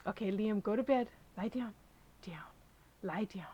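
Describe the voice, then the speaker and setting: A woman streams live from a small room at home, talking easily to her dogs and the audience in a husky, medium-pitched voice at normal speed. She coaxes the dogs along, then quiets to a gentle hush to praise them; the stream audio is dull and lo-fi.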